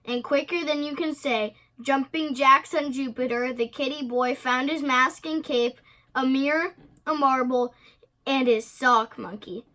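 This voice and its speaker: A woman reading a children's picture book aloud in an expressive way. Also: high-pitched, unhurried. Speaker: storybook reader.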